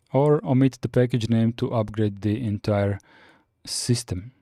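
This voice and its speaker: A man with a warm, mellow voice teaches on a live stream, working through his notes in a steady, explanatory way. He answers viewer chat between points and fills pauses with "uh". The sound is dry and close, recorded at a desk mic. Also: medium pitch, no echo. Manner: steady and explanatory, with frequent "uh" fillers. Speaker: Linux course host.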